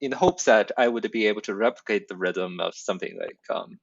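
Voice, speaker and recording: A man who is not a native English speaker, talking hesitantly with many pauses and fillers about his own poem. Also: fairly low pitch, creaky, dry recording, muffled recording. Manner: hesitant, many ums, thoughtful. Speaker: poet in a workshop. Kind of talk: casual discussion.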